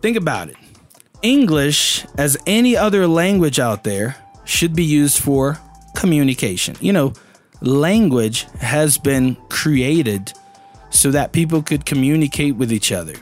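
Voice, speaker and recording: A man in his thirties from Brazil with a Brazilian Portuguese accent, a native Portuguese speaker giving a casual, animated English pronunciation lesson and often asking the listener questions. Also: fairly high pitch, a little slow, faint music behind. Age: 30s. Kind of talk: casual spoken lesson to camera.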